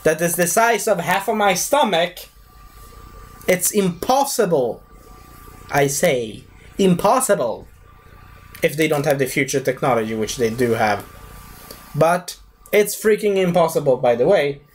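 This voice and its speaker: A young man giving a casual, animated movie review rant who keeps slipping into silly high voices for the characters. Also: measured pace, pauses often, breathy edge.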